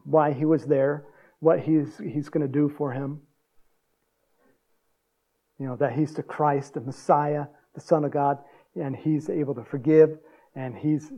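A man preaches a sermon with a gravelly, mellow voice, chuckling now and then and acting out quotes in a higher pitch. The recording sounds dull and lo-fi. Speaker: pastor.

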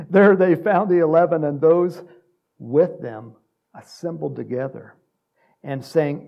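Gravelly-voiced man teaching the Bible. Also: on the high side, takes it slowly, pauses often, mellow. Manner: conversational, many fillers, chuckles. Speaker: Bible study leader. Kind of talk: casual sermon.

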